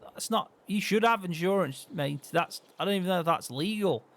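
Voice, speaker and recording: A man's voice: high voice, moderate pace. A man hosting a farming game role-play, bantering cheekily with a friend. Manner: cheeky, teasing, lively banter.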